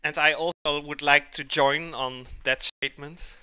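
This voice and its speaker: A man's voice: on the high side, steady tone, unhurried, bright, forceful tone, smooth, dry recording. A man cooking on a live stream, chatting casually and joking with his chat as he reads it aloud. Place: home kitchen.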